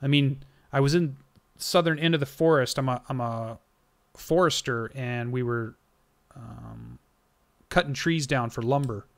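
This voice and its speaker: A man's voice: mid-range voice, unhurried, vocal fry. A man voicing a small, frightened male gnome forester who stammers and stumbles over his words. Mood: shaken. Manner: stammering, anxious.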